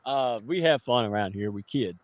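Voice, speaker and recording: A man in his forties hosting a casual talk show, joking and teasing his guest in an animated way. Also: mid-range voice, normal speed, heavy background noise. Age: 40s.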